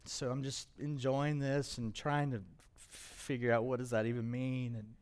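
A man's voice: mid-range voice, flat delivery, darkish tone, smooth. Man preaching a personal testimony. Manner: emotional, personal testimony with pauses. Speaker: pastor. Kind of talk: sermon storytelling.

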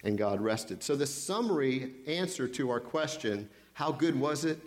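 A man delivers a sermon at an ordinary middle pitch, reading scripture and then working through it. He leans on repeated rhetorical questions and deliberate pauses for emphasis. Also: lively intonation. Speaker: pastor.

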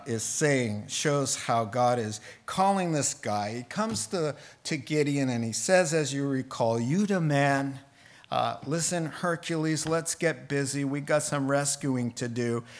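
A man preaching a Bible sermon in a conversational way, with joking asides. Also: medium pitch. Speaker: pastor.

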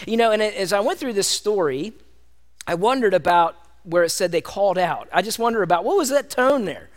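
Pastor, male, high voice, chatty, animated sermon delivery. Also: brisk. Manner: conversational and animated, addresses listeners as "gang".

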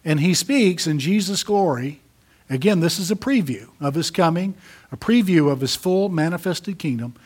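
A man preaching a sermon, emphatic, rising to loud peaks and dropping to soft asides. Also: fairly high pitch, lively intonation, moderate pace, breathy edge. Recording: audio of a church sermon.

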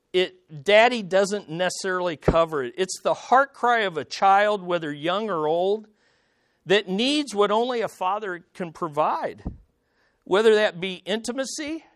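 A man's voice: high-pitched, fairly bright tone, no room sound, studio quality. A man preaching a sermon as a pastor, earnest and emphatic, leaning hard on key words.

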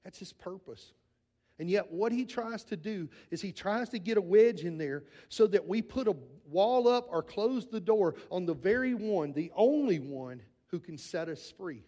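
Man, high-pitched voice, earnest sermon, shifts between loud and hushed, repeats words for emphasis. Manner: earnest preaching, swinging between raised and hushed delivery. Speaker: pastor.

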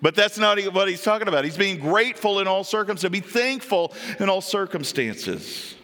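A man's voice: sits high, lively intonation, normal speed, sharp tone, in a large hall. A man preaching a sermon from a church stage. He reads scripture aloud and then comments on it, asking the congregation questions. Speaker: pastor.

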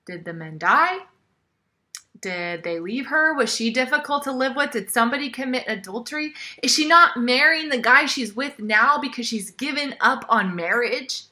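A woman preaching a sermon in a conversational way, often dropping to a soft near-whisper. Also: fairly high pitch.

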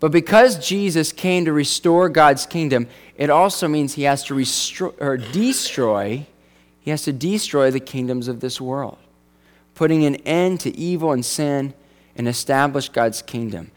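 A man's voice: on the high side, measured pace. Conversational male pastor preaching. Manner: conversational, jokey asides. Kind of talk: sermon.

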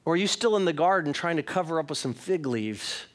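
Middle-aged pastor guy preaching, kinda high voice, earnest, talks right at the crowd. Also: animated, a little fast. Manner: earnest, rising to emphatic, uses direct address. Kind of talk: sermon.

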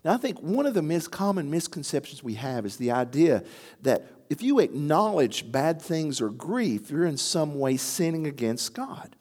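Animated preacher man, lively pitch. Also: moderate pace. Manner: animated, rising to emphatic near-shouts on key phrases. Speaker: pastor. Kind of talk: sermon.

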